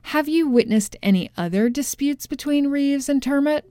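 A woman's voice: high-pitched, normal speed, dark tone, no echo, studio quality, voice pushed up, natural voice. A woman reading as a pressing courtroom questioner. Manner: probing, insistent questioning.

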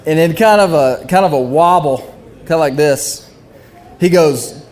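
A middle-aged man tells a funny story to a live audience, acting out other people's voices in an animated, self-deprecating way. His pitch runs on the high side, and he speaks at a moderate pace.

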